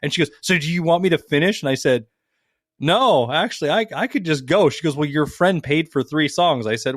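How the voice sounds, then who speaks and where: A man's voice: on the high side, brisk, no room sound, studio quality. A man from Las Vegas co-hosting a podcast, telling stories in casual chat and swearing freely as he acts out what people said. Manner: animated storytelling, swears freely, acts out quotes. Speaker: podcast co-host.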